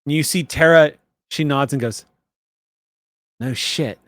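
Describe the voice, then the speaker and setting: A man's voice: a little high, normal speed, a bit bright, dry recording. Guy game master narrating, casual, swears a bit, dry close sound. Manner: casual and profane.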